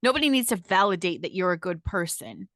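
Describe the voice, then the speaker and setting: Bright, punchy woman ranting with profanity. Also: lowish voice, big pitch swings, brisk, no echo, clean studio sound. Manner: emphatic, profane, keeps asking "okay?". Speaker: podcast host. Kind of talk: casual monologue.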